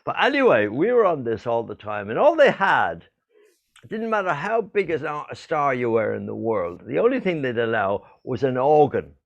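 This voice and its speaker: A man's voice: mid-range voice, very animated, moderate pace, vocal fry, muffled recording. An older Irish man, a singer co-hosting a live video show, chatting in a playful, showman's way. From Ireland. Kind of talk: casual chat.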